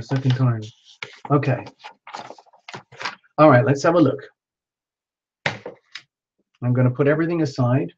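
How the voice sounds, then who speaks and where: A man chats his way through a live tarot stream, thinking out loud and greeting viewers by name. The sound is dull and lo-fi, with a faint hiss of noise behind him. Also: medium pitch. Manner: chatty, self-talking, reads out viewer names.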